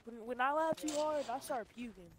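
A man's voice: very high-pitched, brisk, slight background noise. A young man gaming with friends, talking insistently and repeating himself in voice chat over a headset. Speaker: gamer in party chat. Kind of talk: casual chat while gaming.

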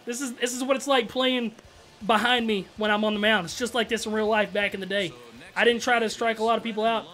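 High, bright-voiced excitable gamer guy. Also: quick pace. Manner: excitable, trash-talking, frequent outbursts; slangy, keeps saying bro and dog. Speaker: gaming YouTuber. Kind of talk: casual gameplay commentary.

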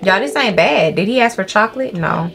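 A young woman doing profane, excitable let's play commentary, talking to her viewers as she plays. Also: mid-range voice, a little fast, gravelly. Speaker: gaming creator. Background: game music.

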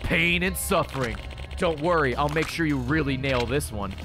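A man's voice: on the high side, moderate pace, natural voice. A man voicing an eccentric, flamboyant male art photographer in a theatrical, gushing read. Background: game music.

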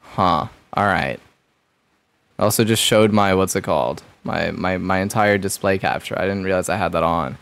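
A man's voice: low voice, moderate pace, gravelly, fairly bright tone, clean tone. A young man streaming a game live, talking to himself in jumpy, nervous chatter and swearing often. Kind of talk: live gameplay commentary.

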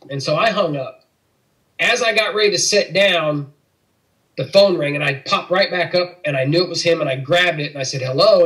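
A middle-aged man from Missouri speaks in a slightly raised pitch, telling a personal faith testimony. He talks earnestly and plays out each quoted line of dialogue as he goes. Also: a bit bright, poor audio. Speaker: interview guest.

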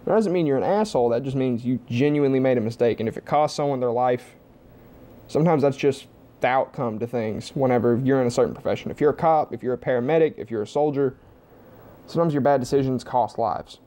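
A man's voice: mid-range voice, fast, mellow. A young man at home giving a blunt, heavily profane opinion monologue to camera. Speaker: vlogger.

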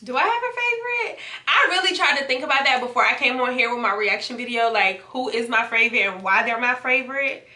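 Woman host, high bright voice, chatty and slangy, casual at-home recap, echoey room. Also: lively intonation, fast talker, hardly any pauses. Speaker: YouTube reaction host. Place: home setup with hookah and wine.

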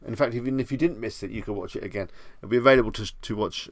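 Bedfordshire english guy doing a chill livestream, gravelly voice, dry close sound. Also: fairly low pitch, very fast, no room sound. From England. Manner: chatty and easygoing, answers viewer questions. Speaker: live stream host. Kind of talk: casual live stream chat. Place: home room at night.

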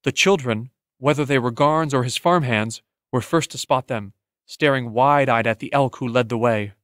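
A man narrating a fantasy audiobook in a measured, steady storytelling manner. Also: medium pitch, no room sound, studio quality. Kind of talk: scripted narration.

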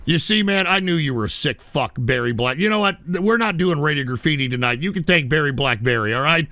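A man hosting a livestream show, ranting angrily at a viewer with constant insults and bursts of shouting. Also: a little high, lively intonation, fairly quick, no room sound, clean studio sound. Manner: angry, insulting, frequently shouting. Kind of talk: profane ranting livestream talk.

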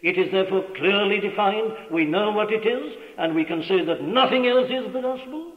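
A man's voice: sits high, expressive, normal speed. Man preaching in a tinny, echoey hall. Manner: emphatic, declamatory preaching with scripture quoted. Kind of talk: sermon. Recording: tinny, echoey old church hall recording.

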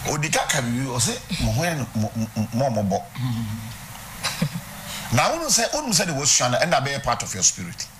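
Lively, bright-voiced Ghanaian preacher man. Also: mid-range voice, normal speed, long pauses, a little hiss or hum. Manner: teaching, questioning the congregation. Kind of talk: sermon mixing Twi and English. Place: church.

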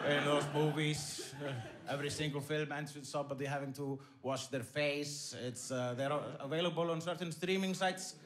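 A man doing stand-up comedy on a theater stage, rambling and deadpan, with lots of fillers and restarts. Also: fairly high pitch.

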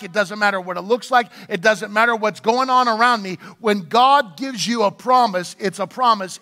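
A man's voice: high-pitched, sharp tone, long reverb tail. A man preaching a sermon as pastor in a church, speaking to the congregation and asking them to respond. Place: church sanctuary.

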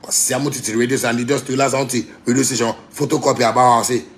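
A Ghanaian man ranting on a casual livestream, animated, with sharp swings from low mutters to loud outbursts. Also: rapid-fire, a little hiss or hum. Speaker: musician on a livestream.

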